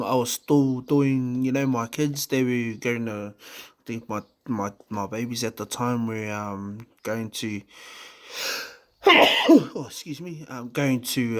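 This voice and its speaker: In his mid-range voice and New Zealand accent, a vlogger from New Zealand opens up about his recovery. His words come haltingly, with frequent fillers, restarts and easygoing swearing.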